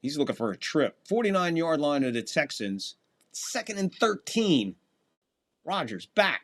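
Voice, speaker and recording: A sing-song male voice, on the high side with a fairly bright tone and moderate pace, calls a football game play by play on a live fan stream. He hosts casually, talking with chat between snaps, and his voice spikes on big plays.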